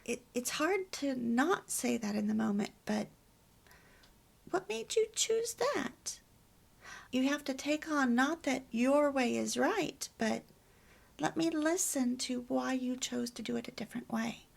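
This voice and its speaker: A middle-aged woman hosting a homemaking video, telling personal stories in a soft, often near-whispered way. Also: sits high, measured pace, creaky. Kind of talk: personal storytelling talk.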